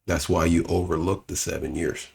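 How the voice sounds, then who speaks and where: A man giving sarcastic, scolding reaction commentary with a gravelly voice. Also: sits low, level tone, moderate pace, a little mellow.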